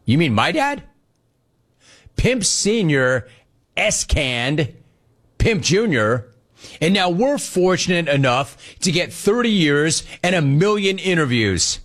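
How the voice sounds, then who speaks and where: A man hosting a sports talk show in a casual way, reading out listener messages and telling lively stories. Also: mid-range voice. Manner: animated, storytelling, mimics quoted people.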